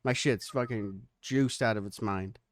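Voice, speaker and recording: A man's voice: fairly low pitch, a little slow, no room sound, clean studio sound. A man hosting a podcast in casual chat, brash and profane, laughing often as he narrates a comic script.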